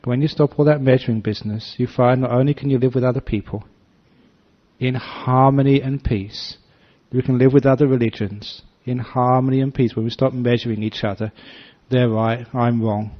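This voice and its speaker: Animated monk telling a story. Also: male voice, medium pitch, moderate pace. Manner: animated storyteller, acts out voices, gentle humor. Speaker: Buddhist monk teacher. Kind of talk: dharma talk with storytelling. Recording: slightly dull lo-fi recording.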